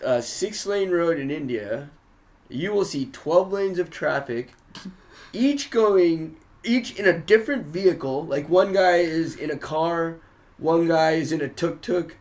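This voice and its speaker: A man, a comedian guest, telling animated, profane stories in a casual studio podcast chat. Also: fairly high pitch, a little slow. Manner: animated storyteller, swears often.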